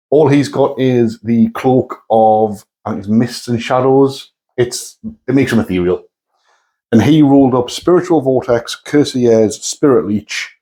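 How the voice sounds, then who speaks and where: A co-host of a tabletop wargaming channel chats casually through a battle report, his medium-pitched, mellow voice easygoing and rambling as he corrects himself along the way. The recording quality is low.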